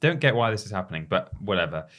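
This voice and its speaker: Man, podcast co-host, lowish voice with a lively swing, reads news out with dry side comments. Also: fast. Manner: reads out articles, dry asides. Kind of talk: casual chat, reading news aloud.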